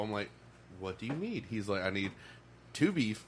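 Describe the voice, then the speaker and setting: A man's voice: mid-range voice, sing-song, moderate pace, fairly bright tone, a little hiss or hum. Laughing, swearing man chiming in. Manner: laughing, profane interjector. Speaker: podcast co-host. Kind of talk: casual chat.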